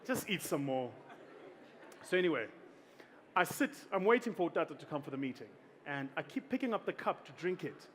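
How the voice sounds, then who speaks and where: A South African man tells a story from the stage in an animated, humorous way, often slipping into other people's voices. His voice sits fairly high for a man. Faint room ambience runs under the speech. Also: a little fast, a faint crowd, a little hiss or hum. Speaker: keynote speaker.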